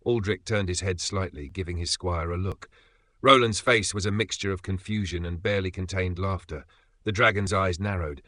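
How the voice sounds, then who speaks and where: Man reading a fantasy tale, lowish voice, bright forceful edge, super dry close sound. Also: moderate pace, no echo. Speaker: narrator. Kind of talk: scripted fantasy story narration.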